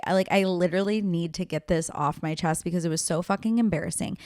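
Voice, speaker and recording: A woman's voice: mid-range voice, normal speed, few pauses, clean tone, no echo, clean studio sound. A woman in her thirties hosting a podcast alone, chatting casually with lots of filler words and swearing, self-deprecating. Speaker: podcast host. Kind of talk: casual solo chat.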